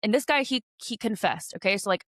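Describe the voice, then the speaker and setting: A woman's voice: medium pitch, expressive, quick pace, a bit bright, dry recording, studio quality. A woman co-hosting a podcast, speaking candidly and sympathetically in a rambling casual chat. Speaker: podcast co-host.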